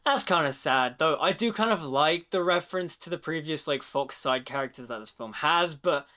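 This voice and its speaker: Young male film reviewer, slightly high-pitched, casual and chatty, enthusiastic reaction commentary. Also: normal speed. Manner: chatty, fills speech with "like"; enthusiastic, quotes lines in animated voices.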